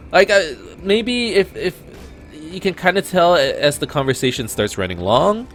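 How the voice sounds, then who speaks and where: A man's voice: sits high, moderate pace, faint music behind. A young Canadian man chatting casually while playing a video game, rambling and often restarting his sentences. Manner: rambling, self-interrupting, animated. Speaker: let's play host. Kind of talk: casual gameplay commentary.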